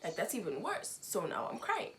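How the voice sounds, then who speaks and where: Young woman, from Zimbabwe, storytime vlogger, emotional, animated, quotes people as she talks. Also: medium pitch, moderate pace, a little hiss or hum. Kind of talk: storytime vlog.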